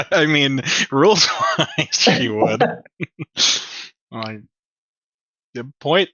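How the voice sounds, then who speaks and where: Male player; slow, bright, joking. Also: a little high, huge pitch swings, lo-fi sound. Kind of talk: casual tabletop play.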